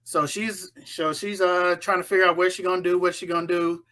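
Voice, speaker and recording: A woman casually recapping a horror film in an animated way, acting out the characters' lines as she goes. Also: fairly low pitch, a little fast.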